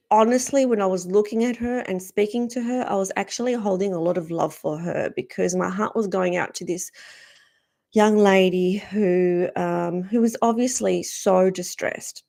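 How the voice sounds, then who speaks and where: A woman, a spiritual speaker, earnestly recounting a personal story in a gentle, reflective way. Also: medium pitch, vocal fry. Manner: earnest, gentle, acts out quoted dialogue.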